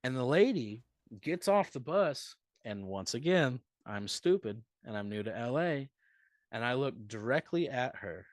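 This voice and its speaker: Animated, profane storyteller man, dry mic. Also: mid-range voice, unhurried, no room sound. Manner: animated, profane, rambling anecdote with big swings in loudness. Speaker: comedian guest. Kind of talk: storytelling on a live podcast.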